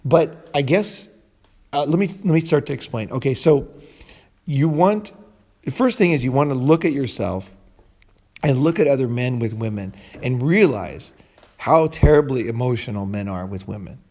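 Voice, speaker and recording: Male podcast host, blunt rambling delivery, warm dark timbre. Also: mid-range voice, lively intonation, normal speed. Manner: blunt, rambling, with restarts and swearing. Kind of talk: casual podcast chat.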